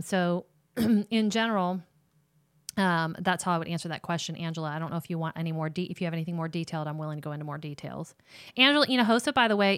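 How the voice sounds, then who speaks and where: A woman's voice: lowish voice, clear, resonant tone, no echo, studio quality. A woman, giving direct, casual faith-based parenting advice as a ministry counselor. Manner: warm, direct, talks straight to moms.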